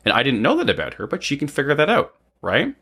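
A man of about forty rambles through a personal tale, full of "um" and repeated "right?" tags. He talks fast in a slightly high, fairly bright, somewhat rough voice whose pitch swoops wildly.

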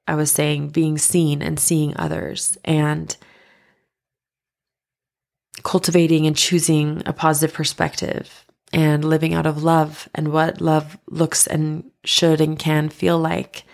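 Low, gravelly-voiced woman telling a story. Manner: animated, quoting others in dialogue, breaks into laughs. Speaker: podcast host. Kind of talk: personal storytelling.

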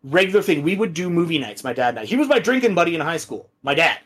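A man telling animated, laugh-filled stories as a guest in a casual podcast chat. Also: on the high side, fast, slightly rough. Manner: animated storyteller, swears and laughs often.

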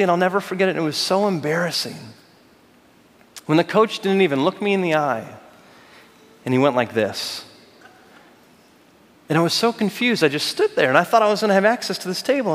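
A man with a high voice preaches a sermon and tells a personal story, acting out the people he quotes with lively shifts. His voice rings through a long reverberant hall. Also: a little fast. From United States. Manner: animated storytelling with acted-out quotes. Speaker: pastor.

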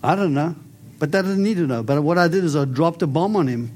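A man preaching and praying over people in an animated, storytelling way. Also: on the high side, a little fast. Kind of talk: prophetic ministry preaching and prayer.

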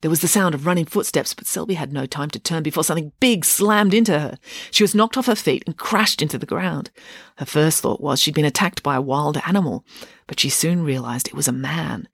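Author reads own book at home, husky voice, dry close sound. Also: medium pitch, fairly quick, no echo. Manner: expressive reading, chatty sign-off. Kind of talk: audiobook-style reading. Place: home office. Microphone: home setup.

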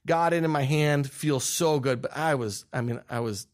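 Excitable young man telling a story. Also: on the high side, normal speed. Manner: excitable, laughing, restarts mid-sentence. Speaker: guest filmmaker. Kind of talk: animated storytelling.

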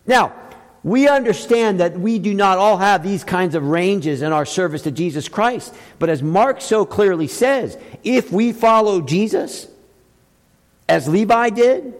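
Man, pastor, sermon, high voice, emphatic rhetorical questions, church hall reverb. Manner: emphatic preaching with rhetorical questions, swinging from loud highs to quiet lows.

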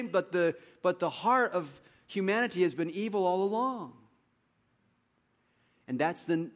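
A male pastor delivering a sermon with a fairly high-pitched voice. He preaches in an animated, dramatic way, jumping from loud, acted-out outbursts to quiet, conversational remarks. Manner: animated, acts out quotes with big swings in loudness.

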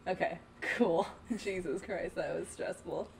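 A woman playing along as a quiz contestant, laughing often and thinking her answers out loud. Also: on the low side, measured pace, gravelly, slight background noise. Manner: giggly, thinks aloud, mutters to herself. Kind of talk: playful quiz game with a friend.

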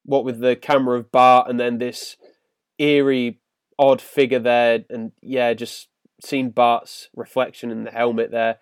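Male podcast host, mid pitch, dry sound, eager recap, filler words. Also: little pitch movement, a little slow, smooth, no room sound. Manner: enthusiastic recapping, filler-heavy. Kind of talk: casual episode review.

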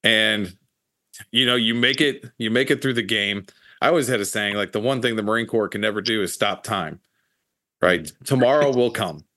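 A man hosting a casual podcast, reflecting on his time as a Marine in a relaxed, profane way. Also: fairly low pitch, moderate pace, no echo, clean studio sound. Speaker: podcast host, Marine veteran.

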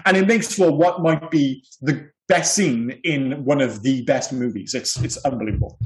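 A man's voice: medium pitch, moderate pace, rough recording. A man co-hosting a podcast, talking in an enthusiastic, rambling way and laughing often. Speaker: podcast co-host. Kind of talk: casual chat.

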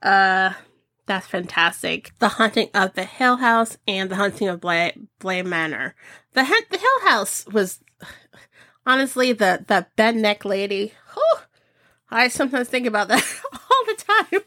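A woman hosting a podcast, chatting casually about movie picks and acting out scenes in high voices. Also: very animated, a little slow, bright, forceful tone, no room sound. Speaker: podcast host.

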